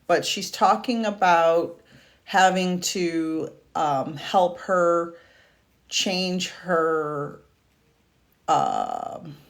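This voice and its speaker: Woman, streaming medium; unhurried, gentle, halting delivery with fillers, lowish voice. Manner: slow, soft-spoken, halting with fillers and restarts; emotional, tearful at moments. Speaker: psychic medium. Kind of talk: live-streamed reading. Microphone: video call or stream mic.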